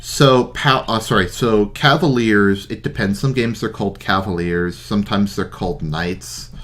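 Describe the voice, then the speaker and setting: A man's voice: lowish voice, normal speed, a bit bright. A man hosting a let's play, chatting casually and explaining game mechanics with frequent fillers. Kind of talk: casual gameplay commentary.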